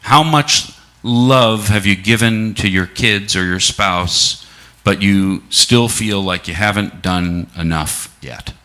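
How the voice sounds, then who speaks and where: A middle-aged man delivers a sermon at a church service, reflective and unhurried, asking the congregation many rhetorical questions and slowing down for emphasis. His voice sits on the low side and sounds pushed and bright.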